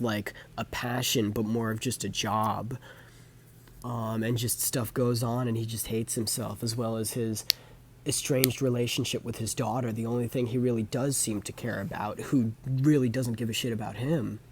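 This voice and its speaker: A man's voice: mid-range voice, a little mellow, a little hiss or hum. A young man talking casually about movies he has watched, rambling with lots of fillers and self-corrections. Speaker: vlogger. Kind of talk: casual movie review monologue.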